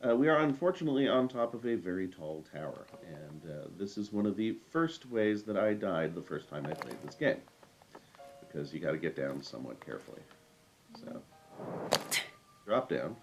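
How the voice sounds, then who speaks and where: A man hosting a game walkthrough, explaining step by step in a relaxed, casual way with frequent fillers. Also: low voice, normal speed, a little hiss or hum, rough recording. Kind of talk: casual let's-play commentary.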